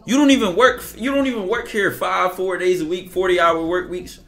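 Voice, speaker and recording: Bright, emphatic man streaming a monologue. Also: sits high, steady tone, brisk, soft background music. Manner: casual, emphatic, acts out dialogue. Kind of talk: livestream monologue.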